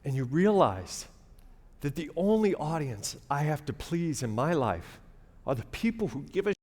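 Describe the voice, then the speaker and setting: Through a stage mic in a theater, a middle-aged man shares a wry comic story in a chatty way, working the audience. His voice is a little high and darkish with a sing-song lilt at normal speed, and the recording has long reverb and a faint hiss.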